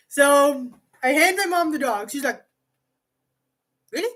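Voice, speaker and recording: Young woman, high voice, rambling casual storytelling, swears, restarts sentences. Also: animated, slow, long pauses, fairly bright tone. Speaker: vlogger.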